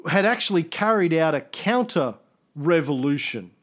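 A man hosting a casual history podcast, explaining events thoughtfully with pauses and restarts. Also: on the high side, lively intonation, fairly bright tone. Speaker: podcast host.

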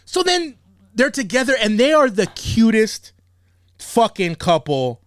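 A man's voice: high voice, a little slow, dry recording. A man hosting a podcast, telling a story in a casual, profane way and laughing often. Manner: animated, swears a lot, laughs often. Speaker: podcast host.

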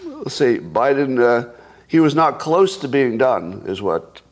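A man's voice: mid-range voice, wildly swooping pitch, unhurried. A man in his sixties hosting a live stream, talking in a sarcastic, mocking way. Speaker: podcast host.

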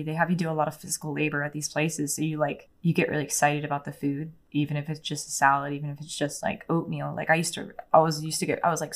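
A woman's voice: low-pitched, creaky. A young woman telling her story as an interview guest, in a candid, casual way with frequent swearing and lots of "like". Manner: candid, profane, heavy use of "like".

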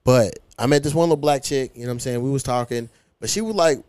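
A man's voice: mid-range voice, fast talker, darkish tone, dry recording. A man hosting a podcast, casually and profanely telling stories about his dating life. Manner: profane storytelling, quoting his own retorts. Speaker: podcast host.

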